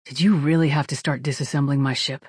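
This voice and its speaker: A sick ship captain in an audiobook, rough-voiced and shivering, pushing words out through gritted teeth with grim humor, as the reader puts him on. The sound is close and dead dry. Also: male voice, medium pitch, fairly even intonation, quick pace, no echo, lightly acted. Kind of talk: audiobook character voice.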